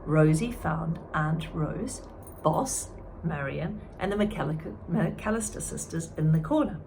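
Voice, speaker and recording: Expressive woman reading a storybook aloud. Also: deep voice, vocal fry, slight background noise. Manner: expressive, pauses to comment to listeners. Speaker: teacher reading a chapter book aloud.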